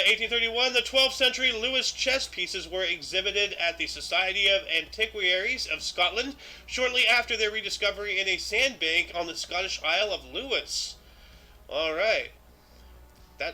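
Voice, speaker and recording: A man with a bright, forceful, fairly high voice hosts a relaxed history stream. He reads each dated event aloud, then drifts into offhand asides full of ums and uhs. Light music plays underneath. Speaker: show host. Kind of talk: casual history livestream commentary.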